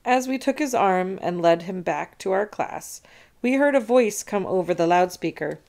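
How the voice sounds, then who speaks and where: A woman reading a children's chapter book aloud in an expressive, animated way. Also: lowish voice, moderate pace, gravelly. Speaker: storybook reader. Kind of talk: children's read-aloud narration.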